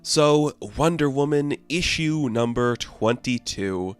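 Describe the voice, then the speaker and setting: A man's voice: medium pitch, expressive, takes it slowly, clean tone, soft background music. A man giving a casual, rambling comic book review, full of fillers and amused asides.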